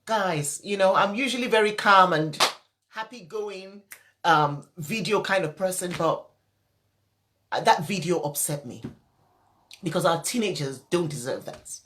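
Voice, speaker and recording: A woman's voice: lowish voice, lively intonation, measured pace, a bit bright, slight background noise. A woman parenting coach, upset and teary, speaking emphatically in a live stream and repeating her key points. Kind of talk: emotional live-stream talk.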